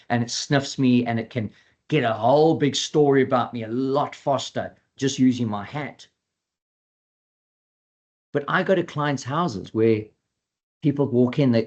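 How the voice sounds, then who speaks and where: A male dog trainer presents a webinar in an easy, conversational way. He is animated, acting out his clients and their dogs as he goes. His voice sits at an ordinary middle pitch. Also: dull audio.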